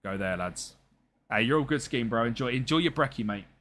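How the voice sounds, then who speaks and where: A man's voice: mid-range voice, expressive, fairly quick, fairly bright tone, slight background noise. A young man streaming a football management game, chatting casually and jokily with his viewers as he plays. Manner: chatty and jokey, talks to chat and game players.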